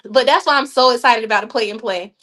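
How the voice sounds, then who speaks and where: A woman with a high voice chats as a podcast guest. She talks in an animated, laughing way, tossing folksy asides to the listeners. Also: fast talker. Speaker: youth program leader, guest. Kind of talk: casual podcast chat.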